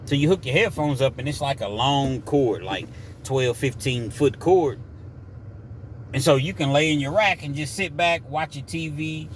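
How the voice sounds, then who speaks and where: A man's voice: on the high side, normal speed, slight background noise. A man casually telling a story from his prison days in a conversational, digressive way.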